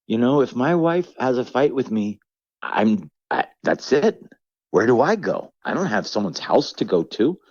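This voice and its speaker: A man's voice: medium pitch, big pitch swings, moderate pace, darkish tone, husky, no echo, dull audio. A middle-aged man, a comedian, speaking candidly in a podcast conversation, reflective and rambling, acting out quoted voices. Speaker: comedian guest.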